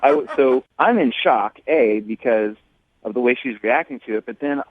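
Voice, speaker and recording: A man calling in to a radio show, talking haltingly with many restarts and fillers. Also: medium pitch, crowd noise. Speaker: caller. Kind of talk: phone call on a radio show. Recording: tinny phone line.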